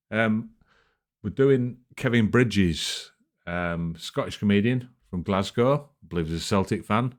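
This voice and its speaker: A man hosting a reaction video, chatting casually and rambling with lots of ums. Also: low-pitched. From England. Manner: laid-back, rambling with many ums. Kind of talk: casual chat.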